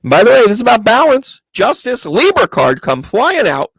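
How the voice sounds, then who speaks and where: Chatty man reading tarot cards live, gravelly. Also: very high voice, wildly swooping pitch, moderate pace, fairly bright tone, dry recording. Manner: chatty, greets viewers by name, thinks aloud. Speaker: psychic medium giving tarot readings.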